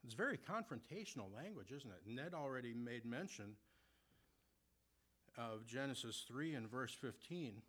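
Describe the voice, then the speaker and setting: A man preaching a sermon who asks his listeners rhetorical questions and reads scripture slowly and deliberately. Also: mid-range voice, sing-song, fairly bright tone, breathy edge.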